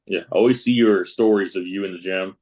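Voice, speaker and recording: Cussing podcast host, low voice. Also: male voice, fairly even intonation, fairly quick, darkish tone, rough recording. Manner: loose, swears freely, friendly teasing. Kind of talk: casual podcast chat.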